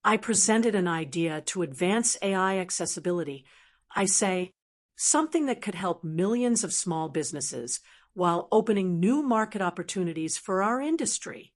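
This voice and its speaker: A woman narrating a scripted first-person story in a steady, measured way. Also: fairly low pitch.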